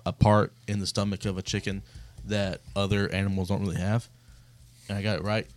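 A man chatting loosely on a podcast, his voice sitting a bit low. The sound is dry and close, with no room around it. He jokes and teases, and his lines fade off softly at the ends. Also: little pitch movement, fairly quick, dry recording. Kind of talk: casual podcast banter.

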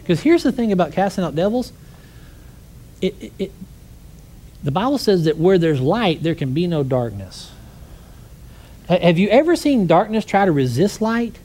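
A man preaching a conversational sermon, telling stories with lively energy and asking the congregation rhetorical questions. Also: high-pitched, normal speed, long pauses.

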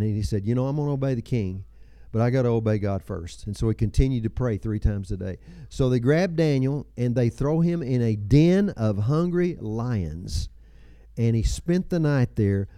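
Mellow-voiced man in his seventies preaching. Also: mid-range voice, animated, normal speed, dry recording, studio quality. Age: 70s. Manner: folksy storytelling with chuckles and personal asides. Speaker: pastor. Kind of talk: sermon.

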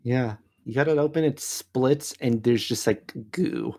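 A man's voice: medium pitch, a little slow, darkish tone, husky. A man narrating as game master of a tabletop game, with dry, exasperated asides.

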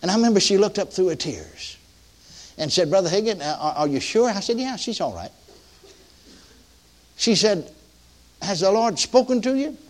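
Folksy older preacher with a lively voice. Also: male voice, high-pitched, normal speed, long pauses. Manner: folksy, repetitive restarts, rising emphatic peaks. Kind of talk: sermon storytelling.

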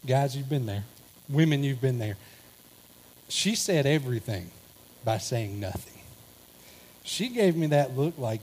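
A man's voice: mid-range voice, measured pace, pauses often, a little hiss or hum. A man, telling a funny anecdote in a sermon and acting out the voices of his family. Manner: animated storytelling, acting out quoted family members.

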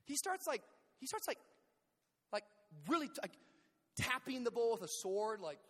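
A man preaching a sermon, telling a story in an animated way, acting out scenes with shouts and sound effects. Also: extremely high pitch, normal speed. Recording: long hall reverb.

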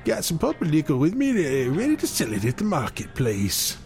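Frontier bread peddler voiced by a man, slow high drawl, lively swoops. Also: faint music behind. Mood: easygoing.

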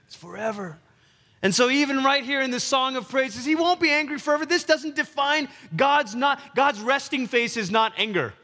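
A man delivers a lively sermon, his voice sitting high for a man. He acts out little voices and drops to near-whispers for emphasis. A long reverb tail hangs behind him, as if he is in a big hall. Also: normal speed. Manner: animated, acts out voices, swings from loud to hushed. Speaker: pastor.

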